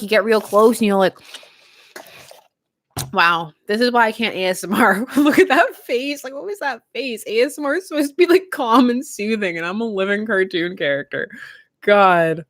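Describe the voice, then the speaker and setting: A young woman chatting casually with her stream viewers, giggling often and talking in an animated way. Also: a little high, moderate pace. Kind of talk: casual live-stream chat.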